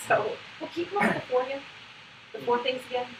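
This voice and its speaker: A woman trainer talks quickly and brightly, scattering "like" through her coaching. She sounds a little high. The recording is distant and roomy, with steady noise behind her. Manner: brisk, chatty, full of "like" fillers. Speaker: trainer of autism program volunteers. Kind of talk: hands-on instructional coaching. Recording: echoey room, distant mic, background noise.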